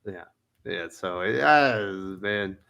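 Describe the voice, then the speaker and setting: A man's voice: low voice, expressive, drawn-out words, creaky, sharp tone, clear, resonant tone. A man hosting a casual comics panel chat, blunt and swearing freely as he reads out comments. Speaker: podcast host.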